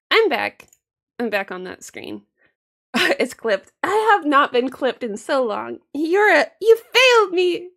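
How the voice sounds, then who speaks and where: A woman's voice: high voice, vocal fry, a bit bright. A woman streaming a game with casual chat, playful, giggly and self-mocking.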